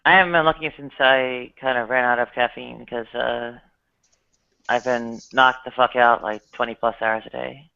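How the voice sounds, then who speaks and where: A man speaking in a weary, halting way during a casual group chat on a video call. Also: mid-range voice, fairly even intonation, vocal fry, sharp tone, smooth. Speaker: participant in an online chat. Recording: tinny phone-like call line.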